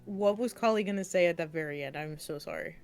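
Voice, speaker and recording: A woman narrating a tabletop game as game master, slow and playfully descriptive. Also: low-pitched, vocal fry, a little mellow, no echo, faint music behind.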